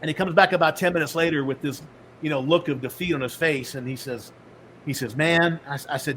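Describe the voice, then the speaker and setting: A middle-aged man in a podcast interview spins his story in an animated way and acts out the voices of the people in it. His voice sits a little high for a man, with a faint hiss behind him. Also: fairly quick, low-quality recording. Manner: animated storyteller acting out dialogue. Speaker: podcast guest, author and speaker.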